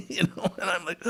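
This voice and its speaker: Older man, podcast guest, low-pitched; animated storyteller who acts out the dialogue. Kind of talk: storytelling in a conversational interview.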